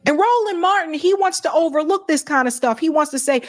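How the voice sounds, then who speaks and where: A woman's voice: sits high, lively intonation, a little fast, few pauses, no room sound, studio quality. A woman hosting a live stream, reacting to clips with indignant rhetorical questions.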